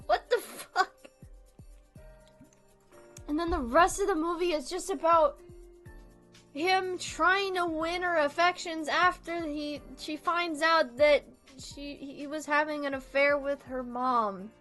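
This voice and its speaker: A woman's voice: high-pitched, fairly even intonation, unhurried, bright, forceful tone, faint music behind. A young woman in casual chat, ranting about a film in an exasperated way, swearing often and laughing as she goes. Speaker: video creator. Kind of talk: casual chat, movie rant.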